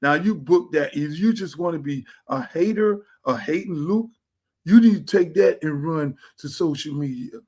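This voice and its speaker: A middle-aged man, hosting a livestream in a blunt, profane, animated manner. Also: on the high side, normal speed, slightly rough. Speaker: host. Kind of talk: casual livestream talk. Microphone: streaming setup.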